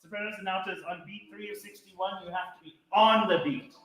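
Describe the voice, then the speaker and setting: Choir director in a very echoey hall. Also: male voice, high-pitched, brisk. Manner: energetic, coaching, sings example phrases. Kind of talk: choir rehearsal instruction. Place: large echoey rehearsal hall. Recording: very echoey hall, faint music.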